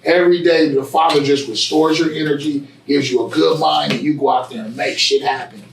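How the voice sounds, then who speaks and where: A man telling his story in a casual interview, with preachy, animated storytelling and street slang. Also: on the high side, brisk, vocal fry, reverberant, distant mic, slight background noise, low-quality recording. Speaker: guest, barbershop owner. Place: barbershop.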